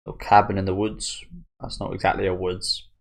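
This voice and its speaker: Low, gravelly man musing casually. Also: completely flat delivery, brisk. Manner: chatty and musing, restarts phrases, chuckles often. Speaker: manga reaction host. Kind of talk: casual commentary while reading a manga.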